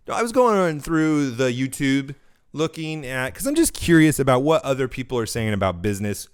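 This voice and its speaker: A man's voice: medium pitch, animated, fairly quick, clear, resonant tone. Chatty man with a dry throat. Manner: rambling, self-correcting, conversational. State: recovering from a cold, dry throat. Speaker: podcast host. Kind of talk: casual solo podcast commentary.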